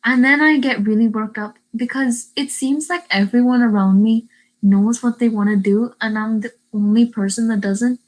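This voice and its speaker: A woman's voice: a little high, fairly even intonation, normal speed, low-quality recording. Bubbly teen girl with a Derry lilt. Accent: Northern Irish (Derry) with a hint of Indian. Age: teens. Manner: chatty and bubbly, many "like" fillers. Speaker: YouTuber reading live chat. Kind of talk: casual livestream chat. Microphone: webcam mic.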